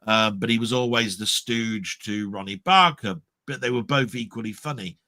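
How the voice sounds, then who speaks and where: A man's voice: lowish voice, moderate pace, no room sound. A middle-aged Englishman, rambling in casual podcast chat about old comedy. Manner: rambling, animated impressions of comedians. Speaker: podcast co-host. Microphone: live stream mic.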